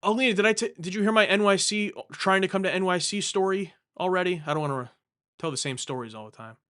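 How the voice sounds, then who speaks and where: A young man hosts a casual live stream from home in a high, fast voice that's a bit bright, clear, and resonant. He rambles and jokes while answering viewer questions, often correcting himself mid-sentence.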